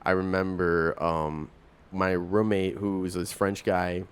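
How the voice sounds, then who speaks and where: A man's voice: sits low, level tone, slow pace, clear, resonant tone. A man in his thirties hosting a podcast, talking frankly in a casual, rambling way, full of "like" and restarts. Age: 30s. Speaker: podcast host. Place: coffee house.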